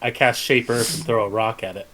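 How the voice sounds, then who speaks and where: A man's voice: on the low side, fairly even intonation, brisk, fairly bright tone. A man playing a tabletop game, stammering and playful. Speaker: player.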